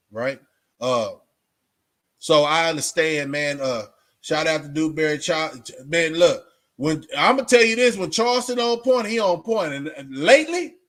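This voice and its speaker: Man, middle-aged, preachy straight talk, repeats points, higher-pitched voice. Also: fairly bright tone. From Texas. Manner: preachy, emphatic, repeats himself. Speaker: vlogger. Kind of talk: casual straight-talk monologue.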